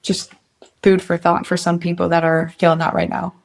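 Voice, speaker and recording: A woman's voice: lowish voice, little pitch movement, moderate pace, gravelly. A young adult woman speaking as an interview guest, earnest and motivational as she lays out steps for facing fear. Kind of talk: casual interview.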